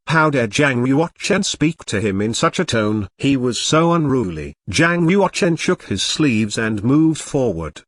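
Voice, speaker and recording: A man reads a web novel aloud at a middle pitch, his intonation rising and falling widely from line to line. The sound is dry and close, with no room around it. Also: no echo. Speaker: audiobook narrator.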